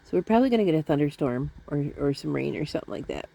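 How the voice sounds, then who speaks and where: A middle-aged woman with a slightly low voice chats to her viewers from home. She rambles, pokes fun at herself and wanders from one thing to the next. The sound is dry and close, with little room echo. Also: expressive, racing, gravelly, dark tone. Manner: rambling, chatty, self-deprecating with laughs. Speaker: vlogger. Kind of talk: casual chat to camera. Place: at home, indoors.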